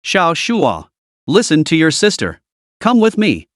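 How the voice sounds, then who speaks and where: A man's voice: on the high side, wildly swooping pitch, unhurried, dry recording, studio quality. A man reading an audio story recap, voicing a desperate, tearful young woman who screams and pleads.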